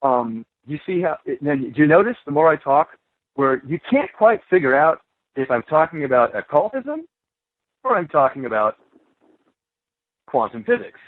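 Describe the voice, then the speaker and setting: A man's voice: on the high side, very animated, normal speed, pauses often, no room sound. A man, an author speaking as an interview guest, rambling with frequent restarts and repeated words. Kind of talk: conversational interview monologue. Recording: tinny phone-line audio.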